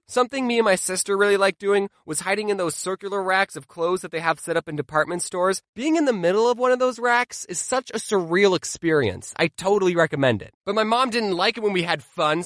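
Animated, sarcastic young man. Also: high-pitched, no room sound, studio quality. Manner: animated, sarcastic, deadpan asides. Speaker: vlogger. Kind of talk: comedic storytime monologue.

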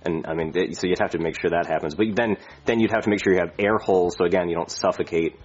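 A man's voice: deep voice, fast, slightly rough. A man voicing a reckless, boastful airline pilot in a comedy sketch, who talks crudely and rambles. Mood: rambling. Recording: muffled lo-fi audio.

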